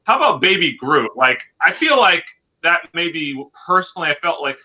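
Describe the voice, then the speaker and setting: A man's voice: fairly high pitch, sing-song, moderate pace, sharp tone. A man co-hosting a podcast, chatting casually about movies with many fillers and hesitations. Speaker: podcast co-host. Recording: lo-fi dull recording.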